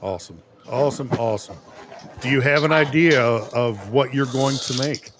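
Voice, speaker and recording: A man co-hosting a cooking livestream, asking contestants questions in a relaxed, joking way. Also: mid-range voice, noisy background. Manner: slow, lively, casual swearing. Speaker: co-host. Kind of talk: casual livestream chat.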